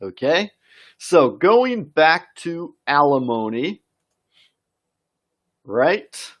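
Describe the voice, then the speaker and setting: A man teaching an English vocabulary lesson on a live stream, reading viewer comments aloud and encouraging them. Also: mid-range voice.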